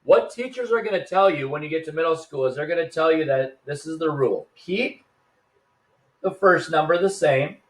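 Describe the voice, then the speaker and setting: A man's voice: on the high side, brisk, hardly any pauses. A male teacher giving a recorded math lesson, casual and upbeat, talking straight to his students.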